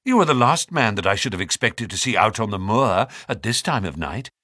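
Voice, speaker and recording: A man voicing a jaunty, nervous male naturalist with fluttering, high-pitched exclamations in an audiobook reading. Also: animated, brisk, bright, forceful tone, no room sound, studio quality. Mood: anxious.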